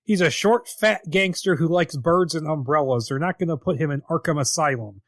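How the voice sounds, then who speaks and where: A man's voice: fairly high pitch, fairly quick, a bit bright, dry recording, clean studio sound. A man co-hosting a podcast in casual chat, wry and laughing easily as he retells scenes, with some swearing. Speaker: podcast co-host.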